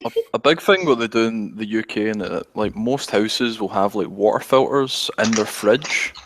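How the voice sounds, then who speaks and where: A Scottish man chatting on an online call from his flat, blunt and swearing freely. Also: on the low side, moderate pace, no room sound. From Scotland. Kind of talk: casual group chat. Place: city-centre flat.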